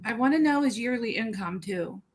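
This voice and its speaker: A woman's voice: fairly high pitch, lively intonation, moderate pace, crowd noise. A woman on a group video call, chatting with enthusiasm and some teasing. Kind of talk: casual group chat.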